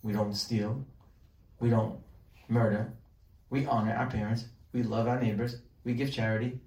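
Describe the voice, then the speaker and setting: A man's voice: mid-range voice, moderate pace. A man leads a Torah class as a rabbi, acting out both sides of imagined conversations with rising energy. His voice carries a roomy echo and sounds set back from the microphone. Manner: animated, acts out questions and answers in dialogue. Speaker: rabbi teaching a weekly class. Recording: roomy sound, mic at a distance.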